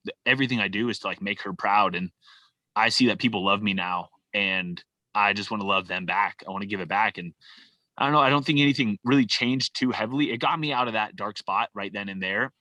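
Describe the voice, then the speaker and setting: A man's voice: fairly low pitch, bright, forceful tone, dry recording. A man from California, a podcast guest, speaking casually and from the heart, filling his talk with "like" and "man.". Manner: loose and heartfelt, full of "like" and "man". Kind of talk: casual conversation.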